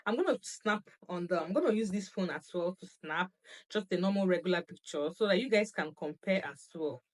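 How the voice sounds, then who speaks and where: A young woman who talks excitedly, laughs often and repeats herself as she reviews a phone in a casual vlog recorded on the phone. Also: on the low side, a little fast. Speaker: lifestyle vlogger. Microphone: phone camera.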